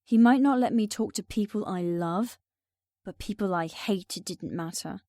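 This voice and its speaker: A woman narrates a first-person audiobook in an even, subdued way. Her voice is mellow and warm, recorded close and dry. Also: mid-range voice, unhurried, no room sound.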